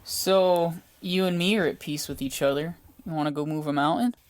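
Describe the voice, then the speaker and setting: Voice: medium pitch, moderate pace, clear, resonant tone. A podcast co-host chatting casually, asking curious questions and teasing. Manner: asks curious questions and teases. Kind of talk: casual religious discussion podcast.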